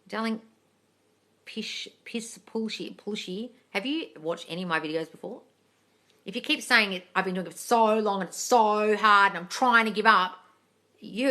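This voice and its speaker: A bright, forceful woman talks straight into her phone on a live stream, reading out viewers' comments and answering them herself. She is blunt and sweary, scolds people freely, and calls everyone darling. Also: medium pitch. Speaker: manifesting coach answering live chat questions.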